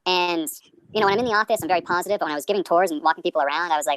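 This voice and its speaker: A man's voice: high voice, racing, a bit bright, no room sound. A male comedian in his twenties hosting a podcast, rambling through tangents in a self-deprecating way.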